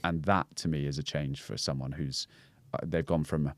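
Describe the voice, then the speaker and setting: A man's voice: very deep voice, steady tone, moderate pace, no room sound. A man with a Scouse accent, a podcast guest talking through breathwork and mindset in a reflective, explanatory way, with many fillers and restarts. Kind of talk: casual podcast conversation.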